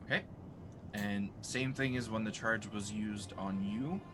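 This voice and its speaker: A man narrating as game master of a tabletop game, speaking in a relaxed, halting way with fillers. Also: fairly low pitch. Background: music.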